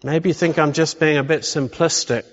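A man's voice: on the high side, steady tone, moderate pace. A man preaching a sermon, emphatic and full of rhetorical questions. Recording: echoey hall, slightly dull sound.

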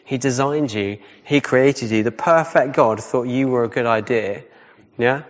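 A man with a medium-pitched voice delivers a sermon at an unhurried pace, keeping it casual and conversational. He frequently checks in with "yeah?" and repeats his key points. The recording sounds dull, with long hall reverb.

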